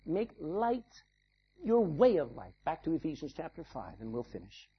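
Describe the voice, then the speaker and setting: A male pastor delivering an animated sermon, acting out little scenes and calling for amens. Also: fairly high pitch, moderate pace, breathy edge, highs cut off. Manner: animated preaching with acted-out asides.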